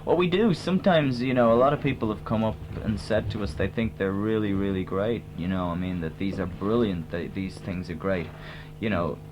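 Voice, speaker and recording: A man with a put-on American accent, talking as a tribute band singer in a comic radio interview. He rambles deadpan, full of hesitant fillers. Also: on the low side, fairly quick, hardly any pauses. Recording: dull lo-fi old radio tape with hum.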